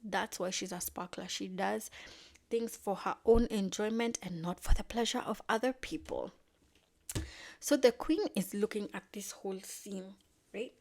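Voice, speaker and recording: Animated woman recapping a show. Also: mid-range voice, measured pace, gravelly. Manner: animated storyteller, acting out characters' lines; slangy and emphatic. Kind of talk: casual recap commentary.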